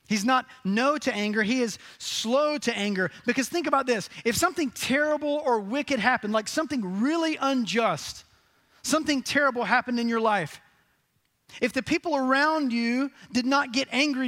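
A man preaching a sermon, asking the congregation questions and answering them with lively emphasis. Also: very high-pitched. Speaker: pastor.

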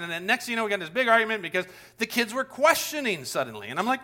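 Male pastor, forties, high bright voice, conversational sermon, animated storyteller who does the voices. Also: racing, hardly any pauses. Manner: animated storytelling, acts out voices with big pitch swings.

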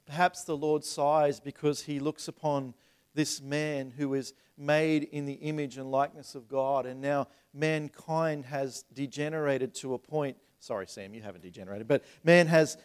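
A man in his thirties preaches to his congregation in a church. His voice sits a bit high for a man. He talks in a relaxed, conversational way and then climbs into emphatic, louder stretches. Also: smooth. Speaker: pastor. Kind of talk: sermon. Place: church sanctuary.

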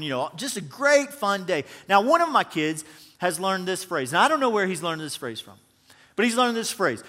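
Pastor guy, kinda high voice, preaching w jokes, big echoey hall. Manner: animated, humorous storytelling with shifts in volume. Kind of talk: sermon. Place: church auditorium. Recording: long hall reverb.

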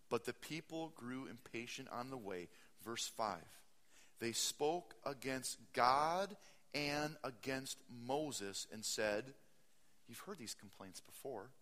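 A male pastor preaching in a church. His bright, forceful voice rises into loud bursts and drops to quiet asides as he reads and explains scripture. A long reverb from the big room trails behind each phrase. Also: mid-range voice, slow pace. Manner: animated preaching, swinging from loud to hushed; reads scripture aloud and stops to comment. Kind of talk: sermon.

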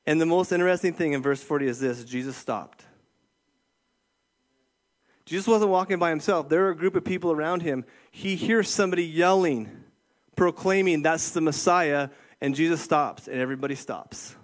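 A middle-aged man with a slightly higher-than-usual voice delivering a conversational sermon. He keeps checking in with his listeners, tossing in "okay?" and "right?" between his points. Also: normal speed. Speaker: youth pastor.

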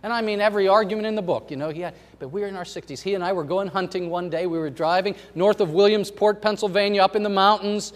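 A middle-aged male pastor preaches in a fairly high voice, telling stories and shifting from loud emphasis to quiet asides. His words ring out in a church sanctuary, trailing a long hall reverb. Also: steady tone, quick pace, few pauses. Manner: storytelling, swings from loud emphasis to soft asides. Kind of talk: sermon.

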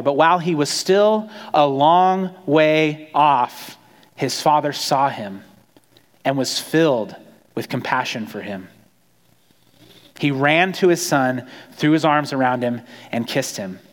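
Male pastor, conversational storytelling sermon, higher-pitched, echoing hall. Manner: conversational, animated storytelling with acted quotes.

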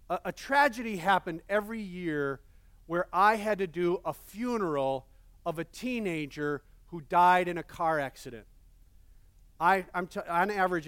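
Earnest high-voiced male pastor preaching. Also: fairly bright tone, no echo. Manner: earnest, repeats words for emphasis. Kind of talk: sermon.

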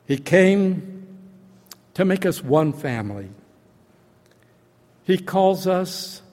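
Male preacher, slow dramatic storytelling, long church-hall reverb. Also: medium pitch, darkish tone. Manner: slow, deliberate, dramatic retelling. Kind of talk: sermon storytelling.

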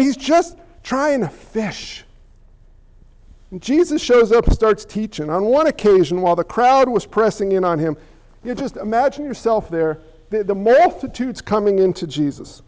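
A man in middle age delivers a sermon from the pulpit. His voice sits unusually high, and he preaches with animation, slipping into acted quotes and humor. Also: a little mellow, poor audio. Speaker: pastor.

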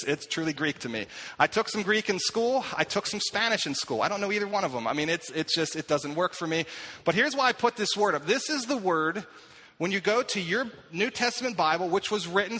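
A middle-aged male pastor preaching a sermon, telling stories with self-deprecating humor and dropping to a hush for quoted whispers. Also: high-pitched, in a large hall, poor audio. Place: church.

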